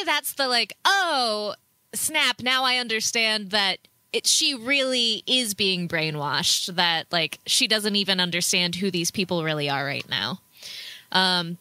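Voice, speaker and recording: Bright, dry-sounding woman chatting. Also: on the low side, no room sound. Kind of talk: casual chat.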